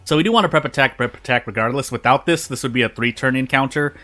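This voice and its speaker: A man's voice: medium pitch, fast talker, sharp tone. A man streaming a game, chatting casually as he plays and eats, often repeating himself and restarting his sentences, with faint game music behind him. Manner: rambling, repeats phrases and restarts mid-sentence; talks while eating. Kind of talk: casual gameplay commentary.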